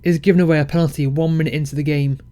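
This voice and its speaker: Excitable man narrating a game, dry close mic. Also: fairly high pitch, rapid-fire, no room sound. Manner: excitable, self-mocking, rambling with restarts. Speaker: game let's-play creator. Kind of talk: casual game commentary.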